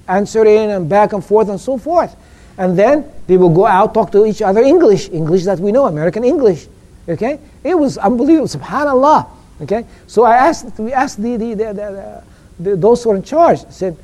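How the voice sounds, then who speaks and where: The speaker is a man whose voice sits high yet has a dark tone. Teaching religious education informally, he stumbles over his words, says things twice, and often pauses to ask "okay?".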